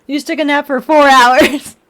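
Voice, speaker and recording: A woman's voice: sits high, a bit bright. A young woman hosting a model-building livestream, chatting casually and teasing her viewers and pets with frequent giggles.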